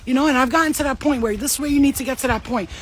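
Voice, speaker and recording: Out walking her dog, this woman races through a spiritual pep talk for her viewers in a high voice with a breathy edge. She's a spiritual reader, and she comes across blunt, fired up, casual and full of swearing and slang.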